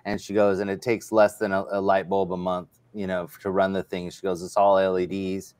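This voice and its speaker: Low-voiced man hosting a casual livestream. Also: little pitch movement, brisk, a little mellow, dry recording. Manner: rambling, retells stories in quoted dialogue. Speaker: livestream host. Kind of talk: casual chat.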